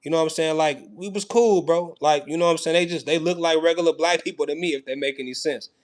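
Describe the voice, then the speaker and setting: A man's voice: fairly high pitch, fast. A young man, telling a story in a casual, rambling monologue and often asking "you know what I'm saying". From United States. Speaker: commentary host.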